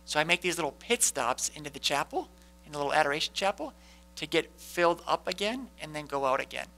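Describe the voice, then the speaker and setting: Bright-voiced man teaching a Bible study. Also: fairly high pitch, lively intonation, quick pace, rough recording. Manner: conversational, asks the group questions and answers them, frequent "right?". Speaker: priest leading a parish Bible study.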